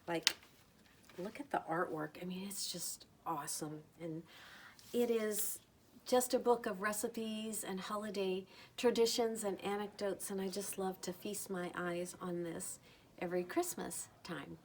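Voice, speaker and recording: A middle-aged woman talking casually about books she loves, gentle and enthusiastic, lingering over her words. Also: mid-range voice, steady tone, measured pace, slight background noise. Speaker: book vlogger. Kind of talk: casual recommendation talk.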